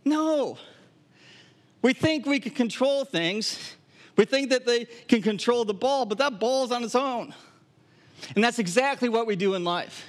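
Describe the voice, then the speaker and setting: Animated high-voiced preacher man. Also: measured pace, pauses often. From Wisconsin, US. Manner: animated, humorous storytelling with acted asides. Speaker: pastor. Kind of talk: sermon. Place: camp gathering hall.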